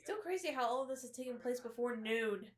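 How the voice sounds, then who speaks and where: A woman's voice: fairly high pitch, animated, brisk, reverberant, over music. A woman adding short remarks during a casual movie commentary. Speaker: film commentator.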